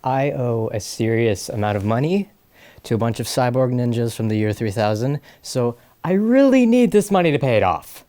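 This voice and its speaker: A man's voice: mid-range voice, expressive, normal speed, warm tone, lightly acted. A man as a desperate time-traveling dancer. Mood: pleading.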